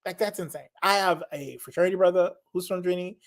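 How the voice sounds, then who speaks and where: Young woman, low-ish voice, rambling casual guest, enthusiastic, laughs a lot. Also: fast talker. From Zimbabwe. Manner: rambling, enthusiastic, laughs often, repeats herself. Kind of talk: casual chat.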